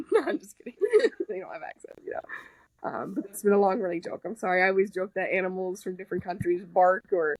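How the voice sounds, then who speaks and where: On a podcast in casual conversation, a woman with a lowish, sing-song voice talks a little fast, candid and rambling, full of fillers and restarts. She cusses freely and cracks jokes as she goes, and the recording is rough.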